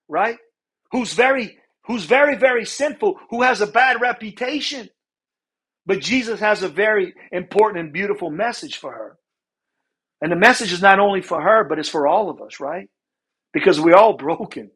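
A man's voice: high-pitched, fairly bright tone, slightly rough. A man preaching a sermon in an earnest way. He often stops to ask "right?" and repeats words. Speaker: pastor.

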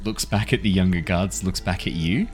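A man's voice: sits low, moderate pace, faint music behind. A man narrating a tabletop roleplaying game as dungeon master, often laughing as he describes the scene.

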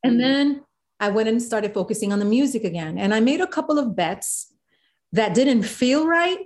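A woman, a guest in an interview, telling a story with animated quoted voices. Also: fairly high pitch, moderate pace. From South Bronx, New York. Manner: animated, acts out quotes of others.

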